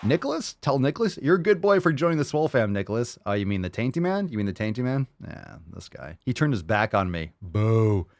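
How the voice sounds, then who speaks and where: A man hosting a casual livestream podcast, loud and profane, hyping up listener posts and talking to his dog. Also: medium pitch, big pitch swings, fast, few pauses, dry recording, some chatter behind. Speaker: podcast host.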